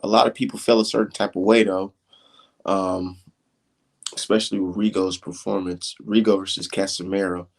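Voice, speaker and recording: A man hosting a casual live stream, talking fight talk in loose slang and getting animated as he rants. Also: moderate pace, creaky. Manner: animated, slangy, swings high when mocking critics. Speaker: livestream host.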